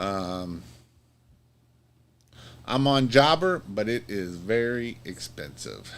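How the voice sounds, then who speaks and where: A man's voice: lowish voice, slight background noise. A man giving casual business advice on a live stream, rambling and repetitive, with many fillers and restarts, urging listeners on. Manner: earnest, pep-talk urging. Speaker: Christmas light business owner giving advice.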